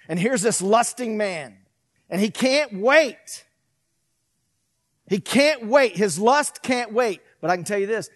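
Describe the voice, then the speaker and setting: Man, middle-aged, pastor, sermon, high voice, lively delivery. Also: no room sound, studio quality. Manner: animated preacher, swinging from loud to hushed, acting out quotes.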